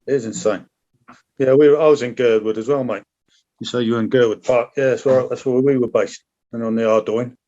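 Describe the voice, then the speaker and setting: A man's voice: mid-range voice, steady tone, brisk, mellow. A middle-aged man, a former soldier, telling war stories in casual chat, blunt and full of swearing as he acts out what people said. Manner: blunt, heavy swearing, acts out quoted lines. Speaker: podcast guest, former soldier. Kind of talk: casual storytelling. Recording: slightly dull lo-fi audio.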